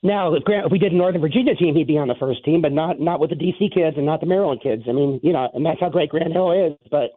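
A man with a cold calling in as an author guest, his voice thin and tinny through a phone line. He speaks quickly and wanders through his thoughts. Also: a little high, no room sound. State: has a cold.

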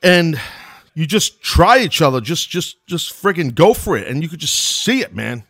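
A middle-aged man with a New York accent hosts a podcast, casually rambling through play-by-play of an old wrestling match and wandering into asides in a loose, chatty way. His voice is on the high side and fairly bright, with big pitch swings and a moderate pace. The recording is dry and studio-clean.

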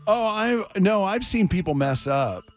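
A man's voice: high voice, unhurried, faint music behind. A middle-aged man hosting a morning radio show, telling a story with lots of acted-out quotes and running a caller survey. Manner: animated storyteller acting out quotes. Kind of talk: casual radio banter and storytelling.

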